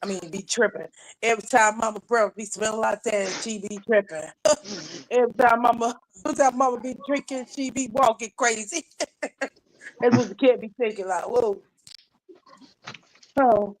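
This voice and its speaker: On a live panel, a guest from North Carolina chats casually with a voice on the high side, a moderate pace, and frequent pauses. Her talk rambles, full of restarts and laughter. The audio quality is rough.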